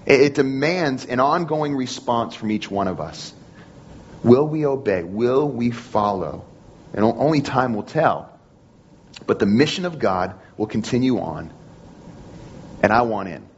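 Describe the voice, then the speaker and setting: A man's voice: mid-range voice, animated, normal speed, dull audio, a little hiss or hum. A man preaching a sermon in an earnest manner, repeating phrases and restarting often. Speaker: pastor.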